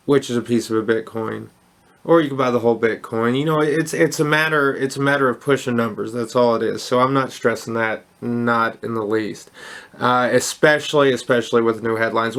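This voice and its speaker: A man's voice: medium pitch, fairly bright tone. A man hosting a crypto channel, talking off the cuff with lots of restarts and fillers, upbeat and enthusiastic. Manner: rambling, with many restarts and fillers. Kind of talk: casual unscripted commentary.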